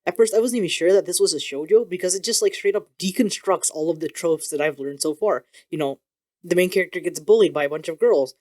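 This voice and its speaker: A man chats through a manga review in a loose, excitable vlog style, dropping casual curses along the way. He talks quickly, the words tumbling out, and his voice sits a little above the usual male pitch. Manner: animated and excitable, swears casually. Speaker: video creator reviewing manga.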